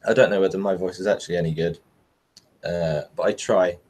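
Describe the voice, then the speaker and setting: Low, husky man, joking. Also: fairly even intonation, a little fast, a little mellow. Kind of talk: casual podcast chat.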